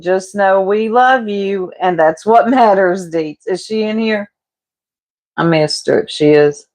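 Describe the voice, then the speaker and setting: A woman, casually gossiping and laughing with her livestream chat while she cooks. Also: medium pitch. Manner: gossipy, laughing, teasing, addresses chat as y'all. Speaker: livestreamer chatting with viewers.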